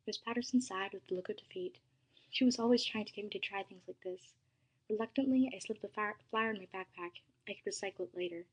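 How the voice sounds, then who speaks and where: A woman reads a first-person story aloud, soft and dramatic, with some passages sinking to a hush. Her voice is breathy and airy, at a middle pitch. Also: a little fast, low-quality recording.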